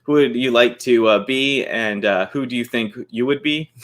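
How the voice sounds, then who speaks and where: A man's voice: medium pitch, unhurried, fairly bright tone. A man hosting a podcast in casual chat, who talks in a chatty, enthusiastic and rambling way and reads out listener questions. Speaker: podcast host.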